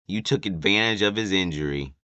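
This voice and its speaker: A man giving a casual, chatty wrestling recap with lots of fillers, sometimes acting out quotes loudly. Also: deep voice, a little fast, clear, resonant tone, dry recording, lo-fi sound.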